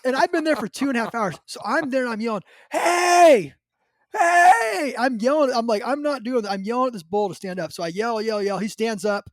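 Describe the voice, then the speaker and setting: A man with a high, light voice tells a story in casual podcast chat. He acts out what people said and often laughs as he goes. The sound is dry and close, with no room in it. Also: quick pace, few pauses, dry recording. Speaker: podcast host.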